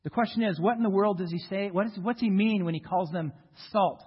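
A man's voice: high-pitched, slightly rough. An American man, a pastor, preaching a sermon earnestly and emphatically, leaning on key words, in a church sanctuary. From United States. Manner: earnest, emphatic preaching with slow stressed phrases. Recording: reverberant hall, dull lo-fi sound.

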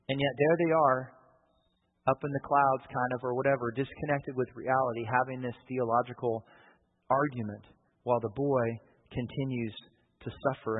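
A man's voice: mid-range voice, husky. A man preaching a sermon, conversational and checking in with his listeners. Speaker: pastor. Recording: phone-like, long reverb hall.

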